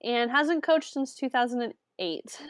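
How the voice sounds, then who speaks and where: A woman co-hosting a casual sports podcast, swearing freely, laughing often and reacting with loud disbelief. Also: fairly high pitch, lively intonation, a little slow, no room sound. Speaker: podcast co-host.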